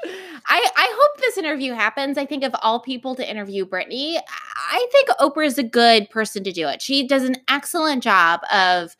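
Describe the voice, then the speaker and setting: Woman, podcast co-host, chatty and laughing, animated bright voice. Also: high-pitched, normal speed. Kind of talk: casual chat.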